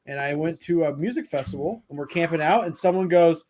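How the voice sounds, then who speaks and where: Male host, slightly high voice, rambling casual storyteller, swears freely. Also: fairly quick, a little mellow. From Italian heritage. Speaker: podcast host. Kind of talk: casual chat.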